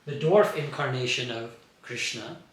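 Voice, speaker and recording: A man teaching a scripture class, telling the story in an explanatory, animated way. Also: mid-range voice, moderate pace. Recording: very echoey room.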